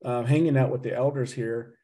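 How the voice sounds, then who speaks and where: A man's voice: medium pitch, fairly even intonation, brisk, mellow. A middle-aged man from Oklahoma with a slight Southern drawl, a professor giving a casual, joking talk over a video call. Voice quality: chatty, teasing, loose and joking. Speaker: associate professor and speaker.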